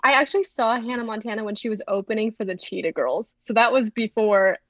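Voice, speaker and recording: A woman's voice: fairly high pitch, brisk, no echo, highs cut off. Chatty young woman podcast guest. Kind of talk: casual podcast chat.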